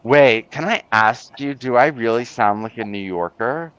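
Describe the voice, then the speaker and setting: A man's voice: medium pitch, animated, a bit bright, smooth, dry recording, lo-fi sound. A man with a New York accent hosting a casual stream, talking bluntly and pushing back hard. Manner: blunt, argumentative, quick to push back. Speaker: host of a live stream. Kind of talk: casual chat.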